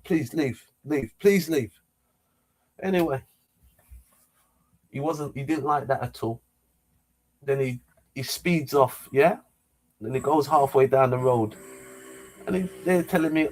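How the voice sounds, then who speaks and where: A middle-aged man tells a story straight to camera in an excitable, animated way. He stumbles and repeats words and acts out the lines of the people in it. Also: on the high side, unhurried, pauses often. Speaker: vlogger.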